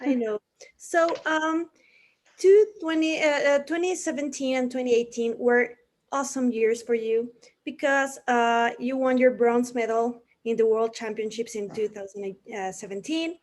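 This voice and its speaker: High-voiced, gushing woman interviewer. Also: fairly even intonation, a little slow, darkish tone. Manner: enthusiastic, hesitant with many fillers. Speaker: interview host. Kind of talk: casual interview.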